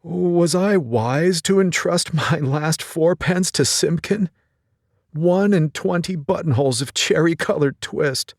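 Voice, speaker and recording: A man voicing a poor, ill old tailor who mumbles and laments anxiously in a high, quavering voice. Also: slow, gravelly, no room sound, clean studio sound. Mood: fretful mumbling. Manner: anxious, lamenting, talking to himself.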